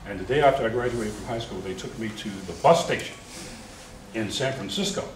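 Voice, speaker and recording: An older man from the United States, a guest speaker at a forum, telling lively, humorous anecdotes with chuckles and restarts. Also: lowish voice, a little fast, a little hiss or hum. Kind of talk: storytelling talk at a forum. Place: lecture hall. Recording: roomy, distant mic.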